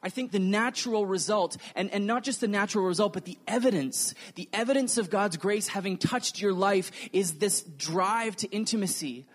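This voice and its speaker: Earnest man preaching, slightly high voice. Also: normal speed, few pauses. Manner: earnest, animated storytelling with acted quotes. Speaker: pastor. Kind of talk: sermon.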